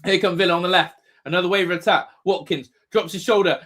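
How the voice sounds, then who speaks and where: A man hosting a live football watch-along, reacting loudly, swearing and shouting advice at the players. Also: sits high, fairly even intonation, quick pace. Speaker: fan watch-along host.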